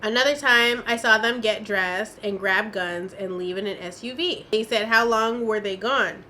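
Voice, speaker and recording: A woman's voice: mid-range voice, normal speed, pushed and bright, a little hiss or hum. A woman reading courtroom testimony aloud in a casual commentary, with sassy asides of her own. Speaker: commentator recapping a trial.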